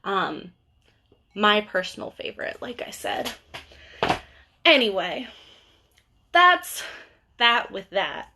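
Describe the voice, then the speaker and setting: A woman's voice: medium pitch, very animated, slow pace, long pauses, bright, forceful tone, a little hiss or hum. A young woman, a bookseller, chatting casually about books on a livestream, full of fillers and asides. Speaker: bookseller hosting a book talk.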